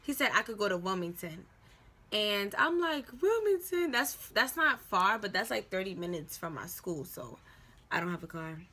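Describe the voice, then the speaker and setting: A young woman with a New York accent telling a storytime vlog, lively and swearing as she acts out what people said. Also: medium pitch, normal speed. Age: young adult. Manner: animated, swearing, acting out quoted voices. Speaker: vlogger. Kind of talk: casual storytime.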